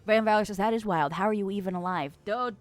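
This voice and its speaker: A woman's voice: medium pitch, fast. A woman streamer in casual chat, reading chat messages aloud with lots of laughter and self-mocking jokes.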